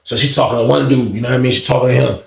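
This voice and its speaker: A man's voice: medium pitch, steady tone, rapid-fire, creaky. Laid-back young man telling a story. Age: young adult. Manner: laid-back, slangy, repeats himself. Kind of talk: casual storytelling. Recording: roomy echo.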